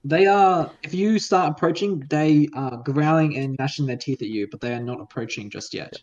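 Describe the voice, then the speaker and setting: Man, game master, casual narration, lots of ums, slightly high voice, muffled lo-fi audio. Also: moderate pace. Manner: relaxed, hesitant with many fillers.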